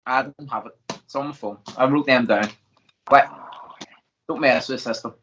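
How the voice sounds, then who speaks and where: A man hosting a casual hobby podcast, jokey and quick to laugh. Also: mid-range voice, a bit bright, a little hiss or hum. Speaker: host. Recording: dull lo-fi sound.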